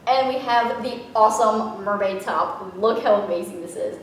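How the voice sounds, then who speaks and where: A young woman from Louisiana, excitedly unboxing a package and gushing and gasping in delight. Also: mid-range voice, normal speed, few pauses, a little hiss or hum. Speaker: vlogger. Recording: echoey room, from a distance.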